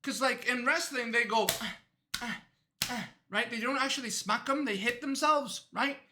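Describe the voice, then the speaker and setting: A man streaming a reaction video, riffing in an excitable, rambling, goofy way. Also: extremely high pitch, normal speed, slight background noise.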